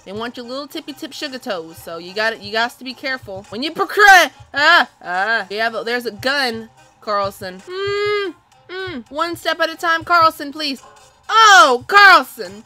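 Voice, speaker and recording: A young woman commentating her gameplay with loud, excitable, cursing reactions and squeals. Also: sits high, unhurried, faint music behind. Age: young adult. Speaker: gaming video host.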